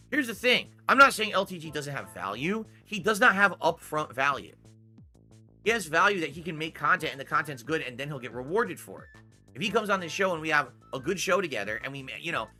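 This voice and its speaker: Bright-voiced defensive male streamer. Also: on the high side, sing-song, a little fast, soft background music. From Connecticut, United States. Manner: defensive, rambling, addresses chat. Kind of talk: live stream monologue.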